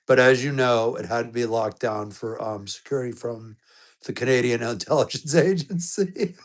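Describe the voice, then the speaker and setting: A man streaming live, casually greeting viewers one by one, bright and upbeat on hellos and low and soft when things turn serious. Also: normal speed. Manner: upbeat greetings that jump high in pitch, softer and lower when serious.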